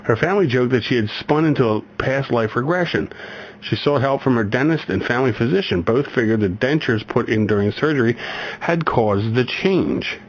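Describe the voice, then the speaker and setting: A man's voice: mid-range voice, lively intonation, moderate pace, breathy edge. A man hosting a radio show, chatting casually and reading a news story aloud with many restarts and chuckles. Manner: rambling, self-correcting, chuckles often. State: getting over a migraine. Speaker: radio host. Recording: slightly dull radio recording, faint background noise.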